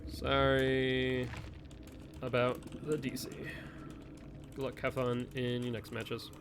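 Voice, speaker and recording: A man's voice: medium pitch, completely flat delivery, slow pace, background noise. A man streaming a video game, chatting casually and musing aloud about the match and the game's balance. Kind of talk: gameplay commentary.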